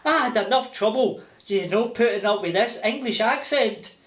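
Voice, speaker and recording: An older man with a Glaswegian accent, telling lively stories with laughter as an interview guest. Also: sits high, moderate pace. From Scotland. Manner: animated, laughing, acting out voices. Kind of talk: casual storytelling. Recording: roomy echo.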